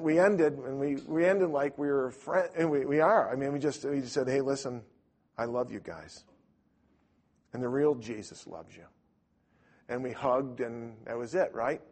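An older man telling a story casually, rambling and animated, with lots of restarts. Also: mid-range voice, breathy edge.

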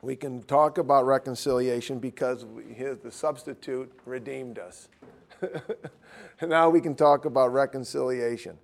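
A man's voice: medium pitch, fairly even intonation, normal speed, gravelly. Male Bible teacher, informal and blunt, thinks aloud while he teaches. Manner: blunt, informal, self-interrupting.

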